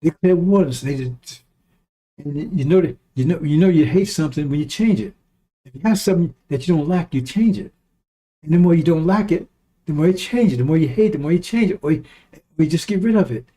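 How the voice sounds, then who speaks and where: A man's voice: a little high, lively intonation, brisk, dark tone, breathy edge. A man giving a blunt, profane, preaching-style monologue, repeating lines for emphasis and chuckling between remarks. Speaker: online commentator.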